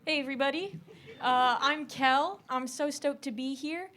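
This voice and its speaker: A woman's voice: high voice, normal speed, fairly bright tone. A woman comedian opening a stand-up set in a laid-back way, laughing between lines.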